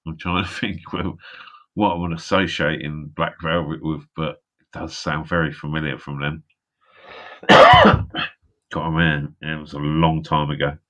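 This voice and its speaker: A man with a deep yet bright, forceful voice, talking in a loose, rambling way. He laughs a lot and swears constantly as he chats on a live stream. It sounds like a video call. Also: little pitch movement, a little slow, pauses often. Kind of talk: casual chat.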